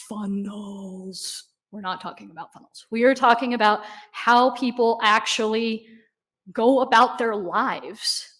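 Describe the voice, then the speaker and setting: High-voiced, animated woman speaking at a conference. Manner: conversational, animated, asks "right?" often. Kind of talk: conference talk. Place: conference stage.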